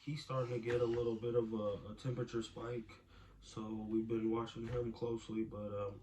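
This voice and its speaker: A tired young father with a soft voice, recording a rambling video diary at home late at night. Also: fairly low pitch, slight background noise. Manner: rambling, soft-spoken, talks to his toddler in between. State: exhausted, tired.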